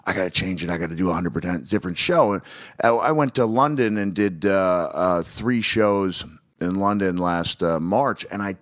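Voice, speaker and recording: A man's voice: low voice, normal speed. A middle-aged man chatting as a podcast guest, telling stories in a rambling way, full of restarts and chuckles. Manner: rambling storyteller with frequent laughs and restarts. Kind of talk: casual chat.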